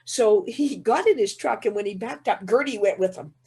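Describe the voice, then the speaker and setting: Woman, keynote speaker, animated storytelling, husky voice, restarts with repeated words. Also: mid-range voice, normal speed. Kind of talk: humorous personal storytelling in a keynote talk.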